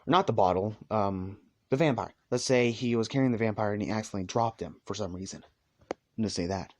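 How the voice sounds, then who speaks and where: A man's voice: lowish voice, fast, a little hiss or hum. A man improvising a fan story, rambling casually and correcting himself as he goes.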